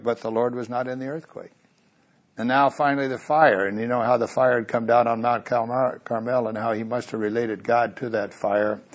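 A man preaching a sermon, earnest, bringing the story's voices to life as he goes. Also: mid-range voice.

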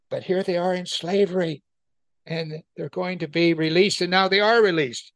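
A man's voice: high voice, normal speed, fairly bright tone, no room sound. A man leading a Bible study, reading scripture aloud and explaining it in plain conversational talk, often asking his listeners questions. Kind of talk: verse-by-verse Bible teaching.

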